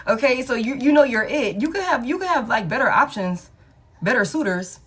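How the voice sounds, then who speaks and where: A woman's voice: on the high side, lively intonation, fairly quick, fairly bright tone, slightly rough, soft background music. A woman giving a casual collective tarot reading, blunt and slangy, swearing freely and hyping the listener up. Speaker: tarot reader.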